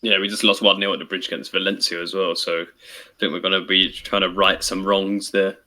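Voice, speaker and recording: A man's voice: low voice, little pitch movement, fairly quick, pushed and bright. A young man hosting a casual podcast, bantering, laughing and swearing freely. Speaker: podcast host. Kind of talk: casual chat.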